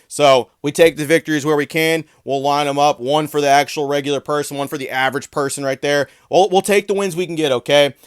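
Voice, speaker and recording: A man giving ranting vlog commentary, profane, mocking and animated. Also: medium pitch, clear, resonant tone, no room sound, studio quality. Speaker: video commentator.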